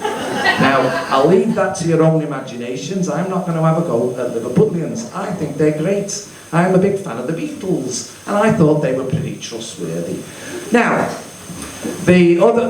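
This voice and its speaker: A man works the room in a stand-up comedy set, telling his stories in a chatty, self-mocking way with sweary asides. His voice sits a little high for a man. It reaches the mic from a distance, with a roomy club echo and faint noise behind. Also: darkish tone. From English Midlands. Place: comedy club stage with live audience.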